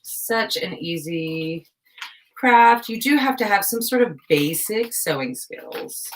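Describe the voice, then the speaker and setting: A woman's voice: medium pitch, animated, slow, slight background noise. A young woman chatting casually through a live craft stream, scatterbrained and self-deprecating, laughing often at herself. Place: home craft room.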